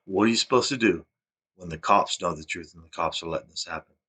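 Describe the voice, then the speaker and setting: Deep-voiced agitated man rambling to camera. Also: fast. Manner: agitated, repeats himself, restarts sentences; voice swings from low mutter to loud. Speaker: vlogger. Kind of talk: rambling personal monologue.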